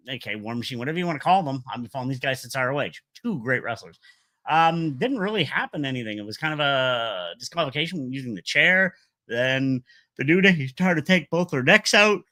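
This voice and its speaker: A middle-aged man talks through a wrestling recap in a loose, opinionated ramble full of fillers and asides. His voice is bright and swings widely in pitch. The sound is dry and close, with no room echo. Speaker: wrestling vlogger.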